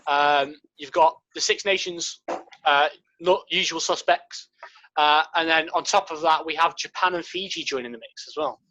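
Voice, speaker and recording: A man's voice: fairly high pitch, fairly even intonation, normal speed, sharp tone, lo-fi sound. A man co-hosting a podcast in casual banter, telling playful, teasing jokes. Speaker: podcast co-host.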